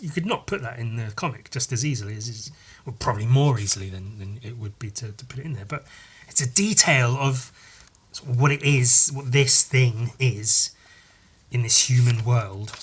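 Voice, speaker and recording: A man's voice: medium pitch, normal speed, husky. A man hosting a podcast, reading through a comic book in a casual, rambling, sweary way. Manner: rambling, sweary, laughing often. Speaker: podcast host.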